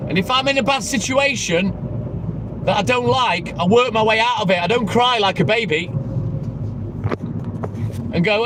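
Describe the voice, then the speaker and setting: High-voiced guy swearing bluntly at commenters, road and wind noise all over the mic. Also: moderate pace, pauses often. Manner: blunt, combative, heavy swearing. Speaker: livestreaming milkman. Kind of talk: casual live-stream chat answering comments. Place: inside a moving vehicle.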